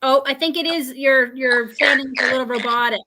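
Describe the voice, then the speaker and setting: A woman hosting a live stream in casual chat, chatty and quick to laugh, talking over a video call. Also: high-pitched, pushed and bright. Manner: chatty, laughs often, filler-heavy.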